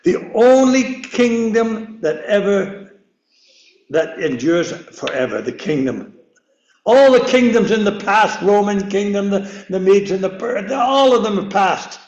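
An older man preaches a loose, rambling sermon, tripping over and repeating his words and chuckling at himself. His voice sits high, and the chapel around him rings with echo. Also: expressive, a little slow, a little mellow, highs cut off. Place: church chapel. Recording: echoey room.

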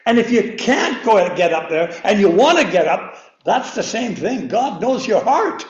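An older man preaches a loose, rambling sermon, tripping over and repeating his words and chuckling at himself. His voice sits high, and the chapel around him rings with echo. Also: big pitch swings, moderate pace, dull audio. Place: church chapel. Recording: echoey room.

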